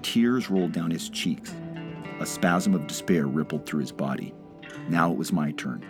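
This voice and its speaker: A man reading a first-person story aloud in a measured, dramatic way. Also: rumbling low, music in the background. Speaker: narrator.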